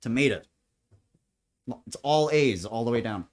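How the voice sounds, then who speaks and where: A man talking loosely while he cooks at home, drifting between thoughts with jokes and frequent laughter. His voice sits at a middle pitch, and his delivery is casual and unscripted. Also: expressive, measured pace. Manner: rambling, joking, laughs often. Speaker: home cook. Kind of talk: casual chat while cooking. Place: home kitchen.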